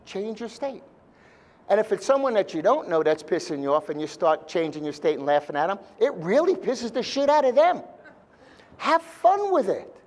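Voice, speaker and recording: A man's voice: high-pitched, sing-song, normal speed, a little mellow. A man speaking live to a seminar audience, blunt and joking, with mild swearing.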